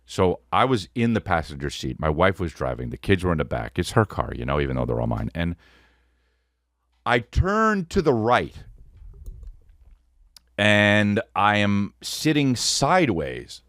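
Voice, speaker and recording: Man, comic storyteller, low voice, swings up and down a lot, dry close sound. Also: moderate pace, dry recording. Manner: animated, profane, peppered with "dude". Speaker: podcast host. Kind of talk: comedic storytelling.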